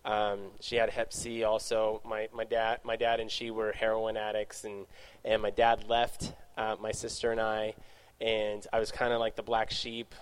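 A man with a fairly low, smooth voice and a completely flat delivery speaks casually to young adults. As a youth speaker in a Q&A, he rambles through his own story, often correcting himself and tossing in quick asides.

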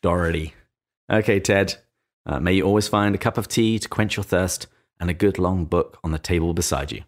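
Deep-voiced English man, relaxed. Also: a little fast. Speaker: podcast co-host. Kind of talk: casual chat.

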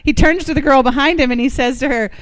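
A woman's voice: sits high, quick pace. A woman from Ohio, the guest speaker at a faith gathering, telling candid stories about herself and leading a short prayer. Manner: candid, self-deprecating storytelling.

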